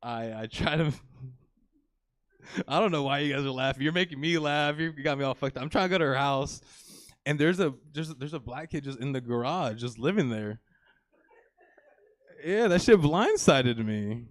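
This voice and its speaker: A man's voice: a little high, expressive, normal speed, no echo, studio quality. A young man in his twenties doing a live stand-up set on a comedy theater stage, rambling and crude, with plenty of "you know" and "like".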